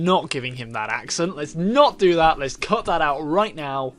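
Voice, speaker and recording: Animated man narrating a game playthrough. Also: on the high side, normal speed, hardly any pauses, soft background music. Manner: animated, swearing, laughing reactions. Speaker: gaming youtuber. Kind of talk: visual novel playthrough with narration and commentary.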